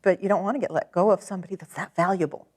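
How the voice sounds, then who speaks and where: A woman guiding a client through a tapping session, calm and gently directive, encouraging as she gives each step. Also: fairly low pitch, rapid-fire. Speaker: tapping practitioner.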